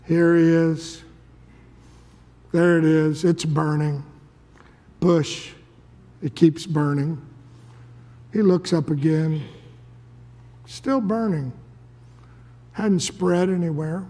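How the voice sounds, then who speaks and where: A male preacher telling a story dramatically in a sermon, dropping to a hush and then rising to a shout. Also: a little high, fairly even intonation, very slow, long pauses. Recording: long reverb of a large hall.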